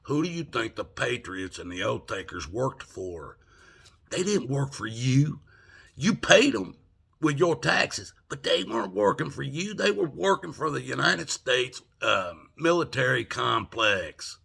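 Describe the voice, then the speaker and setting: A man's voice: mid-range voice, big pitch swings, unhurried, gravelly, bright, forceful tone, breathy edge. An older man ranting angrily from home, profane and indignant, firing off rhetorical questions. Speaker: vlogger. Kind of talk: angry political rant.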